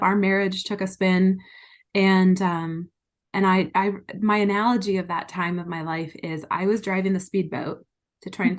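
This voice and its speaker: A woman guest in an interview, telling her own story in an earnest and emotionally frank way. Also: medium pitch. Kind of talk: candid personal storytelling.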